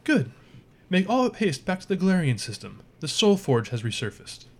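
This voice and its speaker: A man's voice: high voice, sing-song, moderate pace, darkish tone, voice pushed up, full character voice. A man voicing a commanding contact who speaks through a magic stone in a tabletop game, urgent and formal.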